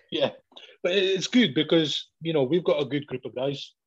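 A man, a professional wrestler, telling sweary, animated stories in casual chat and acting out both sides of each exchange. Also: fairly high pitch, moderate pace, slightly rough. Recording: dull lo-fi audio.

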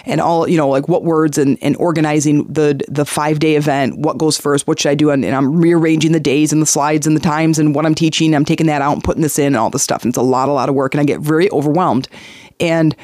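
A man's voice: on the high side, no echo, clean studio sound. A man hosting a motivational podcast as a life coach, speaking earnestly and repeating key phrases for emphasis. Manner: animated storytelling with acted-out voices.

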